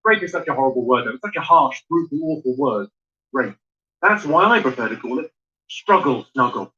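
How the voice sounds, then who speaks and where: A man's voice: medium pitch, lively intonation, brisk. A man doing a stand-up routine, dry and crude, teasing the crowd from a comedy club stage. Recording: muffled live recording with noise.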